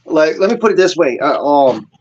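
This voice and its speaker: A man with a mix of Southern country and Los Angeles accent, talking in a rambling, animated casual chat. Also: fairly high pitch, normal speed, breathy edge. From California, with Southern family. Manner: rambling, animated, puts on voices to imitate others. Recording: lo-fi audio.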